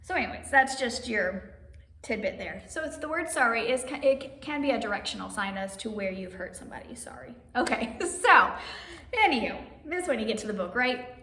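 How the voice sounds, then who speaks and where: This story time host has a highish, fairly bright voice with lively intonation and a slightly quick pace. Cheerful and sing-song, she reads aloud, teaches simple signs, and addresses the children as her friends, captured by a faraway mic in an echoing room with faint noise behind her.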